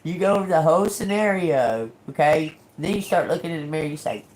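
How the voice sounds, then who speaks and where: With a deep voice and a slightly fast pace, a female tarot reader rants loosely on her livestream. She's animated, laughs a lot, curses without holding back, and performs quoted back-and-forths.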